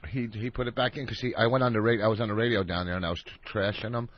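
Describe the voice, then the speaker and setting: A man's voice: on the low side, fairly even intonation, rapid-fire. A man, a comedian guest on a radio show, telling a crude rambling story in casual chat. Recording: slightly muffled radio broadcast.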